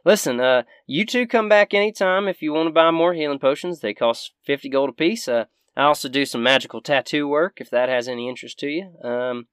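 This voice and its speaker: A man voicing a gruff, misanthropic woman who brews potions, with a folksy, blunt and profane way of talking. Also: on the high side, fairly bright tone, no echo, studio quality, pitched above the performer's own voice, close to an everyday voice. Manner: folksy, blunt, swears freely.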